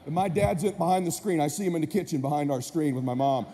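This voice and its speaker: A man with a high, mellow yet gravelly voice tells a story to a live audience. He speaks with energetic, punchy delivery. The sound is echoey, with a long hall reverb and faint background noise. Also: fast talker. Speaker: motivational speaker.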